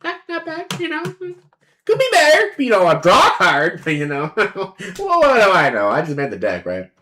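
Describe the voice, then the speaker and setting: A woman's voice: fairly low pitch, huge pitch swings, normal speed, fairly bright tone. A woman streamer giving casual commentary on a card game, playful and sarcastic, acting out both sides of the table and swearing freely.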